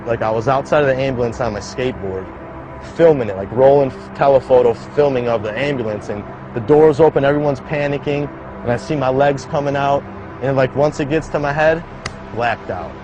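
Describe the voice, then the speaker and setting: A man's voice: medium pitch, poor audio. Young man telling his story casually over music. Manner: casual, halting, heavy use of "like". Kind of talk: documentary-style personal account. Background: background music.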